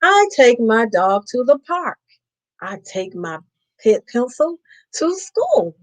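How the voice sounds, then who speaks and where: A woman's voice: a little high, sing-song, slow, low-quality recording. A woman host reading a picture book aloud to children on a live stream, playfully stopping to ask them questions.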